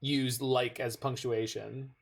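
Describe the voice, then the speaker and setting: A man's voice: mid-range voice, flat delivery, takes it slowly, creaky. A North American man chatting casually with viewers while playing a card game, rambling off into stories. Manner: rambling, digressive storytelling. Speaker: game streamer.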